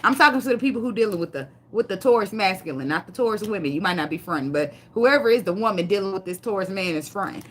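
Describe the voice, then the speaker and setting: A woman's voice: mid-range voice, animated, fast, few pauses, slight background noise. A woman giving a casual tarot reading, blunt and profane, laughing often and sliding into dramatic sarcasm. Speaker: tarot reader.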